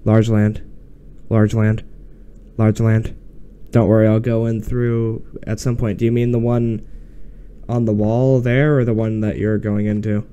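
A man's voice: on the low side, level tone, unhurried, dark tone, clear, resonant tone, highs cut off. A man chatting casually while playing a game, repeating short voice commands over and over and swearing in frustration when they fail. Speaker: gamer. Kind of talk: casual gameplay chat.

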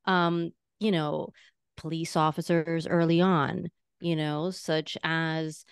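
A woman in her forties from Queens, New York, with a mild Latina-tinged New York accent, speaking as an animated, effusive podcast guest. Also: low voice, clean tone, no room sound, studio quality. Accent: New York with a slight Latina tinge. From Astoria, Queens, New York. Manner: animated, effusive, quick to laugh. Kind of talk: casual interview conversation.

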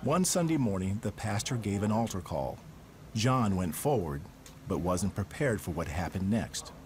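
A man reading the scripted narration of a documentary in a measured storytelling voice. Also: lowish voice, lively intonation, slight background noise.

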